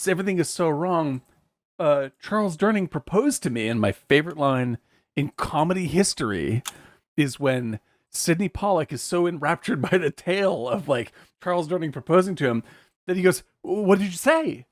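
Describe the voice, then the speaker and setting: A man co-hosting a casual film podcast, retelling scenes with lively acted-out voices and frequent laughter. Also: a little high, moderate pace, no room sound. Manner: animated, acts out film scenes in put-on voices, laughs often. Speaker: podcast co-host.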